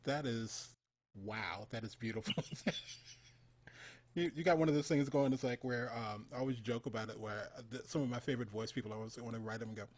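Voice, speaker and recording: A man's voice: medium pitch, a little fast. A man interviewing a guest, an enthusiastic fan who chuckles often. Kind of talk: online interview.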